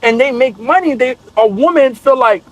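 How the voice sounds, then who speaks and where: High-voiced slangy male guest. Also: normal speed, poor audio. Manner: loose, slangy, frequent "you get what I'm saying". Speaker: entrepreneur guest. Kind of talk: casual interview chat.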